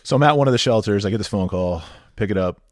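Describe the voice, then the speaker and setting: A man in his forties speaks in a very low voice, recorded dry and close. He tells his story loosely and easily, with many fillers and restarts, like a podcast guest chatting with a friend. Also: quick pace, no echo. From Southern California. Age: 40s. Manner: relaxed storytelling, lots of fillers. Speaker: guest, nonprofit executive director. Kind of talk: podcast conversation.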